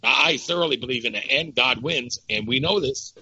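A man's voice: medium pitch, fairly quick, sharp tone, highs cut off, a little hiss or hum. A man talking about his faith in casual conversation, fervent and full of stories, often repeating words as he builds up. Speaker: guest. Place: Dominican Republic.

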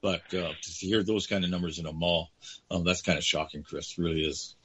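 A man's voice: low voice, fairly even intonation, fairly quick, a bit bright, husky, lo-fi sound. A man hosting a talk radio interview, emphatic and indignant, often addressing his guest directly. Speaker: radio host.

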